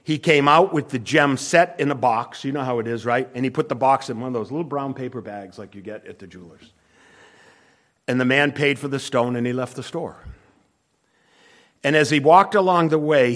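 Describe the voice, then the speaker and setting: A man preaching a sermon, telling anecdotes and illustrations in a conversational way, asking his listeners questions and dropping into quiet asides between louder, emphatic lines. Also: moderate pace. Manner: drops to soft low asides, then rises with emphasis.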